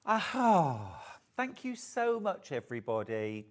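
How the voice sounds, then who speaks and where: A man's voice: on the high side, very animated, moderate pace. A man hosting a live TV shopping sale, chatty and gushing, reading out viewers' messages and calling them darling. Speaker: shopping channel host. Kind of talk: live TV shopping sales pitch.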